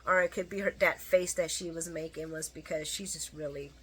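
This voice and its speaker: A woman's voice: low-pitched, steady tone, a little fast, a bit bright. A middle-aged woman giving a casual, opinionated solo recap of a soap opera, chatting to her viewers with plenty of fillers and asides.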